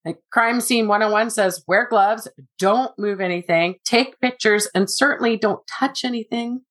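A woman's voice: fairly high pitch, normal speed, a bit bright. Exasperated woman podcast co-host. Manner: exasperated, emphatic reactions. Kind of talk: casual chat.

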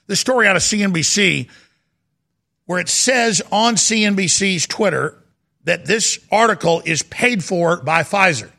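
A middle-aged man hosting a talk show, ranting and mocking, sometimes rising to a shout. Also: fairly high pitch, creaky. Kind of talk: heated political talk show monologue.

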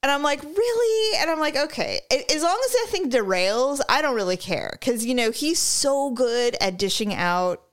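A woman's voice: a little high, animated, normal speed, hardly any pauses, a bit bright. A woman co-hosting a casual chat podcast, telling stories animatedly, laughing and swearing freely. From California. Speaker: podcast co-host.

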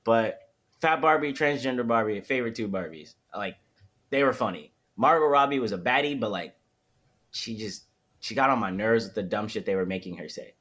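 A man's voice: on the low side, brisk, a bit bright. A man in his twenties co-hosting a podcast, ranting in loose, profane slang during a casual chat. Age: 20s. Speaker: podcast co-host.

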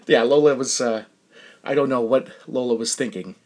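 A man's voice: medium pitch, moderate pace, darkish tone. A middle-aged man hosting a podcast, talking candidly in a casual, rambling monologue full of fillers and restarts. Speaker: podcast host.

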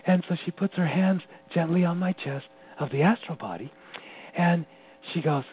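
A man with a slightly high voice tells a personal story with lively energy, laughing between lines. He comes through a narrow, tinny phone line. A faint hum sits under his voice. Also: normal speed. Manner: animated, laughs often while telling. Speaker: interview guest.

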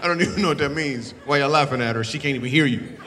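A man's voice: fairly high pitch, fast, background noise. A man doing stand-up crowd work into a handheld mic, playfully teasing the audience and laughing often. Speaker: stand-up comedian. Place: live comedy show in a hall. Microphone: handheld microphone. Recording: reverberant hall with live audience. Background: faint audience laughter.

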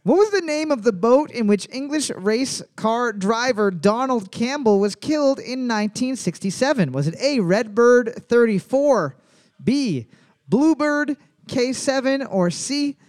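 A man with a high voice hosts a trivia night, reading each question twice. He slips in crude jokes and teasing asides between rounds. His delivery is loose and playful. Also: very animated, a little slow, darkish tone. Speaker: trivia host. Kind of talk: bar trivia hosting with banter.

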